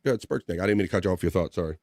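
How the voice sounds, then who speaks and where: A man hosting a casual livestream talk show, reading out viewer comments in a relaxed, rambling way with lots of fillers. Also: sits low, racing, no room sound, studio quality.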